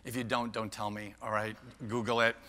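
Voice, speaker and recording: An older man delivers a keynote in a large conference hall, playful and self-mocking, bantering with audience members by name. His voice is on the low side and bright, brisk and forceful though flat in delivery, with long hall reverb on the recording.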